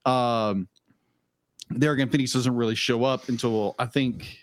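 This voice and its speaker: A man's voice: medium pitch, fairly even intonation, a little slow, dry recording. A man co-hosting a podcast in casual chat, easygoing, often repeating himself. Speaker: podcast co-host.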